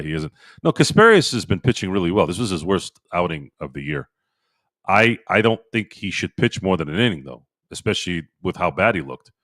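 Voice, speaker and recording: A man's voice: deep voice, fairly bright tone, dry recording, clean studio sound. A man hosting a casual sports live stream, rambling and repeating himself as he answers viewers' comments. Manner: rambling, repeats himself, talks to chat by name. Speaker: sports podcast host. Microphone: streaming microphone.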